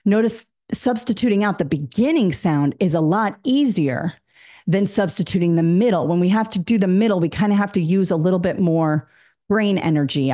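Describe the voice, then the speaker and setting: A woman with a slightly low voice gives a test prep lesson. She explains each point step by step and acts out the prompts a teacher would give a class. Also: warm tone.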